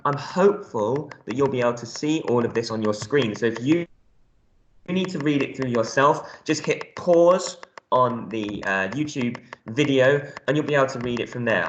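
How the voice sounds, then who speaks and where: In an echoey room, a man with a mid-range, fairly bright voice records a reading lesson for primary school pupils. He's friendly, breaking words down step by step and saying "um" a lot.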